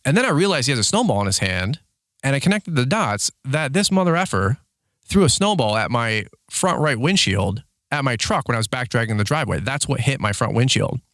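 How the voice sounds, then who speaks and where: Animated man telling a story. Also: a little fast, no echo, studio quality. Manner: animated storyteller, acts out shouted quotes in a higher voice; heavy use of filler words like "like" and "dude". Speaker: lawn care business owner. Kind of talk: casual storytelling vlog.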